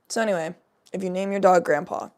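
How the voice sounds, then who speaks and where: A woman's voice: medium pitch, a little mellow. A young woman telling rambling, profane stories in a laid-back, casual chat with the odd cough. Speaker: vlogger.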